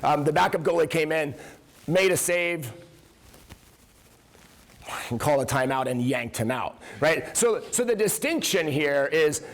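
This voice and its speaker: Animated middle-aged man telling coaching stories. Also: fairly high pitch, measured pace, long pauses. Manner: animated storyteller who acts out dialogue. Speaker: coach and workshop speaker. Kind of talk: conference talk with anecdotes. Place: conference room.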